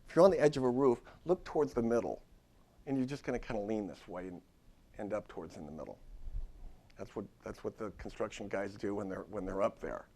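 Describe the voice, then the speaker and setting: A man's voice: on the low side, animated, fairly quick, mellow. A man who is a therapist gives an informal workshop talk in a university lecture room. He speaks conversationally and often restarts his sentences.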